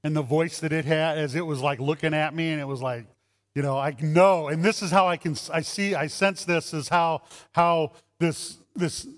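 A man preaching a sermon as a pastor, animated, acting out voices in his stories. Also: on the high side, moderate pace. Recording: long hall reverb.

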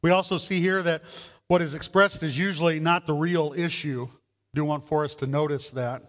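A man's voice: on the high side, fairly even intonation, moderate pace, a bit bright, long reverb tail. A man preaching a sermon as pastor, talking conversationally and asking the congregation rhetorical questions.

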